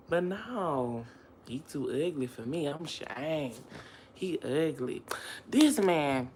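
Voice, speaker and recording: Young woman, low and gravelly, unhurried storytime delivery to her viewers, slangy, with emotional swings between murmurs and loud laughing outbursts. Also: a little hiss or hum. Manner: slangy, addresses viewers directly. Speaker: vlogger.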